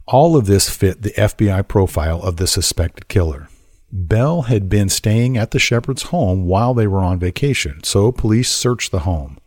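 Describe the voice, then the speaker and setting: A man calmly narrating a scripted true-crime story meant to help listeners fall asleep, in an even, unhurried delivery. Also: low voice, husky, dry recording. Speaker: narrator and host.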